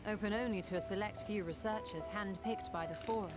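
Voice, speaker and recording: A woman voicing the narrator of a fantasy game, delivering scripted lines in a grave, steady way. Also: medium pitch, brisk, natural voice. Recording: game audio with string music.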